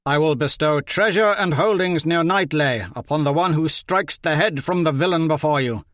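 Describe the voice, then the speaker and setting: A man voicing a cruel, arrogant lord who mocks and commands loudly. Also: a little high, normal speed, dry recording, studio quality, lightly acted. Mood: mocking. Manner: scornful, loud, commanding.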